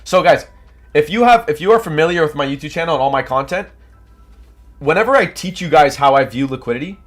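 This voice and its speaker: A man's voice: fairly high pitch, fast talker. Stuffy-nosed Canadian man hyping his chat. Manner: energetic, hyped, coaching chat. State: stuffed-up nose from allergies. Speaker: trading livestream host. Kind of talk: casual livestream chat reading viewer comments.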